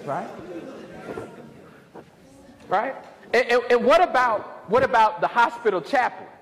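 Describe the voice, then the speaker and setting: A man giving a lively, humorous storytelling lecture in a lecture hall and calling out to the audience. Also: very high voice, measured pace. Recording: reverberant hall, faint noise.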